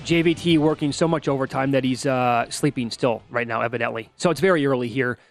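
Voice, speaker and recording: A man co-hosting a casual sports betting radio show, teasing his partner in quick back-and-forth banter. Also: mid-range voice, faint music behind.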